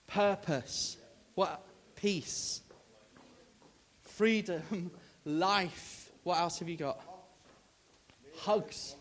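A man's voice: a little high, slow, pauses often. A man, a Baptist minister preaching a storytelling sermon and acting out the dialogue as he goes. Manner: rallies the audience to call out answers.

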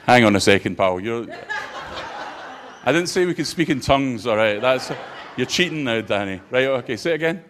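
Playful pastor bantering. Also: male voice, mid-range voice, animated, normal speed, a bit bright, slight background noise. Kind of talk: interactive sermon.

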